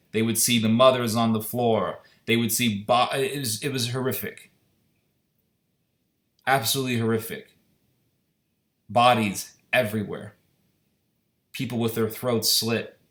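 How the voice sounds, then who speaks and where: A man's voice: medium pitch, a bit bright. A man giving an impassioned, indignant solo opinion monologue, firing off rhetorical questions. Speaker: commentator. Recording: echoey room.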